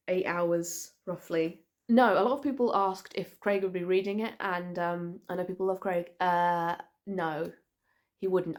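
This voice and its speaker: A young woman from Scotland whose light Edinburgh accent comes across as almost English. She answers viewer questions in relaxed, rambling chat, full of ums and restarts. Her voice sits a little low for a woman. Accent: light Edinburgh Scottish, close to English. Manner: chatty, rambling with fillers and restarts. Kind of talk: casual Q&A chat.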